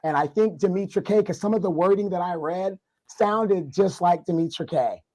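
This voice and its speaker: A man with a congested, hoarse voice, guesting on a livestream discussion and ranting in mock outrage. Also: high voice, moderate pace, dark tone, rough recording. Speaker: guest commentator.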